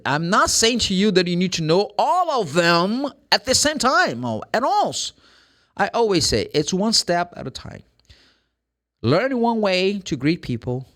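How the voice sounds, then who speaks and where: A man with a Brazilian Portuguese accent giving a casual, chatty English lesson, acting out greetings as he explains them. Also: on the high side. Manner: chatty, animated, acts out greetings in quick impressions. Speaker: English teacher.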